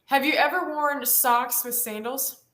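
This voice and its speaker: A woman co-hosting a webinar over a video call, asking quick playful questions and teasing her guests. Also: high voice, steady tone, fairly bright tone, echoey room, low-quality recording. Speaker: webinar co-host asking lightning round questions. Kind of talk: casual video-call chat.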